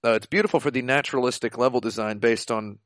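A man co-hosting a casual chat over a video call, ranting excitably and emphatically. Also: medium pitch, fast talker, no echo. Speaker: podcast co-host.

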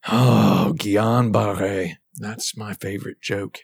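A man's voice: steady tone, slow pace, gravelly, husky, no echo. A male podcast host in casual chat, telling a long joke story and acting out every voice in it. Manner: acts out both sides of a story, jumping into a high voice for others' lines.

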